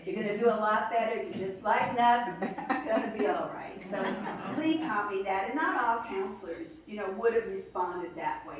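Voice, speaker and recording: A woman in her sixties telling a personal story to a gathering, chatty and laughing as she talks. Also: medium pitch. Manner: chatty, laughs through the story, many "you know"s. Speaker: speaker at a memorial gathering. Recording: echoey hall, mic from far off.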